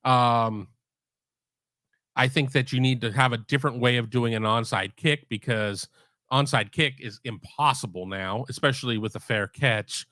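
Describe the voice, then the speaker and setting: Host, middle-aged man, casual rambling talker, mid pitch, dead-dry home mic. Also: normal speed, pushed and bright, dry recording. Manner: rambling, with many restarts. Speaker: sports podcast host. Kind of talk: casual live-stream chat. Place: home room.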